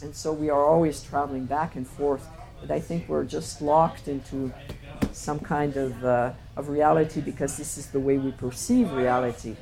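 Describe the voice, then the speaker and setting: A woman presenting her photographs to an audience, speaking reflectively and often pausing on fillers and restarts. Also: deep voice, gravelly, mellow. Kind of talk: slide talk to an audience.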